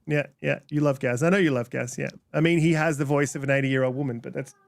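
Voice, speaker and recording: A man's voice: mid-range voice, fairly even intonation, fast, vocal fry. A man hosting a casual podcast, rambling with lots of ums and teasing banter. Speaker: podcast host. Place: home room.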